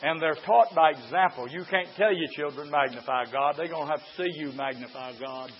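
A preacher, delivering a fiery revival sermon, folksy and hollering in bursts, sometimes out of breath. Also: male voice, fairly high pitch, a little fast, breathy edge. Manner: shouts and hollers in bursts, folksy, runs laps while preaching. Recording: dull lo-fi recording with faint hiss.

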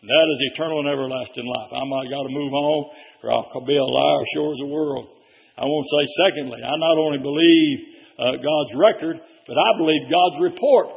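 Man preaching, high voice, folksy storyteller who breaks into shouting, long hall reverb, dull lo-fi recording. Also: vocal fry. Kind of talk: sermon.

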